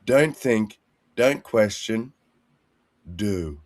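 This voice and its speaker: A man's voice: lowish voice, animated, very slow. A man hosting a casual chat, laid-back and profane, acting out quotes as he talks.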